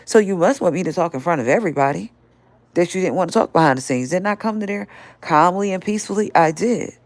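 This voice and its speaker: A woman's voice: on the low side, expressive, fast, no room sound. An older woman hosting a live stream, scolding and confronting someone directly in a heated rant.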